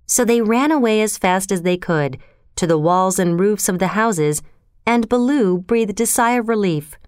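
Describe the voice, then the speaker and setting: A woman narrating a storybook in a calm, expressive reading. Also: mid-range voice, smooth, no room sound, studio quality.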